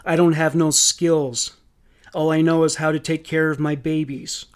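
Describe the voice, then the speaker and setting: A man's voice: fairly high pitch, little pitch movement, measured pace, clean tone, natural voice. A man reading as a distraught pleading mother. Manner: pleading, broken questioning answers read aloud. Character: distraught mother under police questioning.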